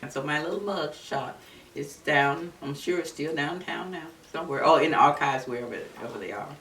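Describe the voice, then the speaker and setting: A woman in her seventies from Florida, recalling her civil rights days in an earnest, unhurried oral-history telling. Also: sits low, fairly bright tone. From Florida, USA. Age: 70s. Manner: earnest, unhurried storytelling with many restarts. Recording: roomy, distant mic with faint background noise.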